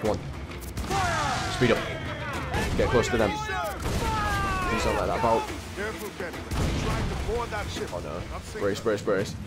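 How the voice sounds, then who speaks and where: Over loud game music and booming cannon fire, a young man gives gameplay commentary in a fairly low voice whose pitch swoops wildly, speaking slowly. Exasperated, he talks to himself and keeps repeating his frustrations.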